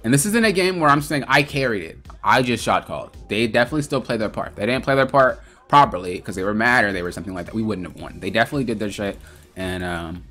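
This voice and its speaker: A man coaching over gameplay footage in a relaxed, profane way, recounting his own calls. His voice sits fairly low, but its tone is bright and forceful. Faint music plays beneath him. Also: fast talker. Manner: loose and profane, retelling his in-game calls. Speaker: gaming coach. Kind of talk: casual gameplay commentary.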